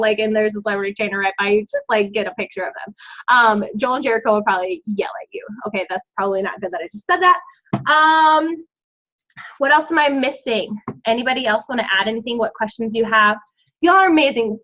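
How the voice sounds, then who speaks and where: A woman's voice: on the high side, a bit bright. A woman giving her team an encouraging, chatty pep talk, full of "like" and "um". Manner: bubbly and encouraging, lots of "like" and "um". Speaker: team coach leading a group call. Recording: dull lo-fi sound.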